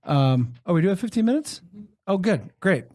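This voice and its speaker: A man hosting a podcast in casual chat, excitable and swearing. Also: sits high, normal speed. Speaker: podcast host.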